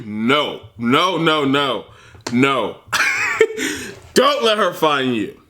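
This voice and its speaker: A man's voice: mid-range voice, big pitch swings, takes it slowly, sharp tone. A man hosting a reaction video, talking casually, often laughing and calling the listener man and bro. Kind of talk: casual commentary.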